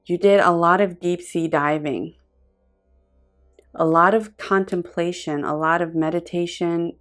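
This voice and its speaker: A woman giving a pick-a-card tarot reading in an earnest, effusive way, pausing often and restarting her sentences as she reaches for words. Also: lowish voice, fairly even intonation, fairly bright tone, faint music behind. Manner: earnest, effusive and intuitive, with frequent pauses and restarts. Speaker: tarot reader.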